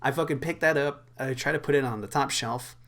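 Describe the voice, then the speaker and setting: A man's voice: medium pitch, a little fast, a bit bright. A young man co-hosting a podcast, telling a rambling, profane story with plenty of filler words and laughs in a casual chat. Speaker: podcast co-host.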